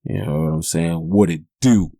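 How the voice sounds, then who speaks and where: In a low, mellow voice with vocal fry, a podcast host in his forties tells stories at a moderate pace, rambling, cursing and cracking jokes. It's a casual monologue in clean studio sound, free of echo.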